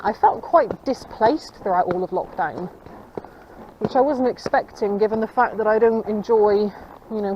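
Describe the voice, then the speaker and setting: A woman's voice: mid-range voice, mellow. A woman rambling casually to her viewers and her horse while riding a countryside trail, recorded on a camera mounted on her. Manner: rambling, chatty, talks to her horse between asides. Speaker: equestrian vlogger. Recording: slightly dull audio with faint outdoor noise.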